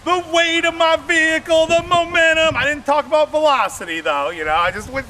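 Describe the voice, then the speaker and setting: A man with a high, very bright voice tells rambling stand-up stories and keeps calling out to the crowd. He performs his comedy set outdoors, and a faint hiss of noise runs under his voice. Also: a little fast, few pauses. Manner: rambling storytelling, addresses audience directly.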